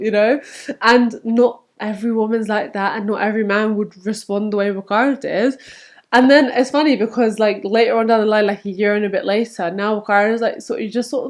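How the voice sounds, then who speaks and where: A woman's voice: medium pitch, brisk. Chatty young woman vlogging candidly. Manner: candid, animated, acts out quotes. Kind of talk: chatty talk to camera.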